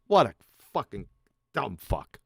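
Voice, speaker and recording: A man hosting a livestream, giving crude, mocking commentary on a clip he plays and shouting in outbursts. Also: medium pitch, sing-song, takes it slowly, gravelly, slightly rough, no echo, studio quality. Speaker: livestream host.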